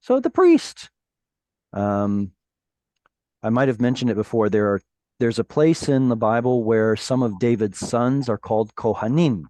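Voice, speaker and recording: Slow, careful male Hebrew teacher. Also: mid-range voice, animated, mellow, dry recording. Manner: patient, explanatory, reads Hebrew slowly and carefully. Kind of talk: online Hebrew class. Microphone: video call.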